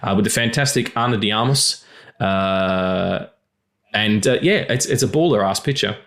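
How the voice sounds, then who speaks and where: A man hosting a podcast in casual, crude, jokey banter, his voice still slightly gravelly after losing it. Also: lowish voice, normal speed. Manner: animated, crude, jokey, with restarts. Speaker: podcast host.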